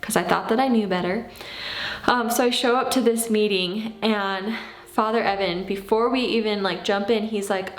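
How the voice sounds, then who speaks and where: A woman in her thirties tells a personal story in a casual, animated way. She acts out what she said back then. Her voice sits at a middle pitch, and the room around her is very echoey. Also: normal speed. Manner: animated, acts out her own past lines. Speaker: vlogger.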